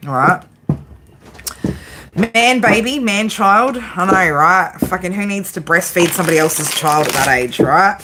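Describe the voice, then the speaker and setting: A woman's voice: lowish voice, noisy background. Brash, swearing Australian woman. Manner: brash, swears often, chatty and giggly. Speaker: tarot reader. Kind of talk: casual live tarot reading.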